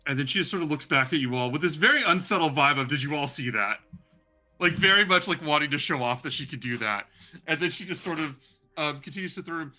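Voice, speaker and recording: A man's voice: fairly high pitch, fast, pushed and bright, soft background music. A man narrating as game master of a tabletop role-playing game, in a loose, chatty way full of fillers.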